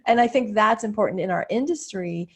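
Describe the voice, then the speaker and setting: A woman's voice: mid-range voice, animated, brisk, breathy edge. A woman business coach, a guest, telling her own ups and downs frankly and with animation, voicing her own inner thoughts as she goes. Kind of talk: candid conversational storytelling.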